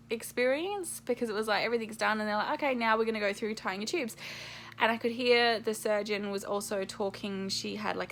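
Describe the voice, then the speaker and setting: Woman vlogger, thirties, casual storytelling, chatty, laughs a lot, mid-pitched voice. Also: a bit bright, a little hiss or hum. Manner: chatty, laughing, full of fillers and acted-out quotes.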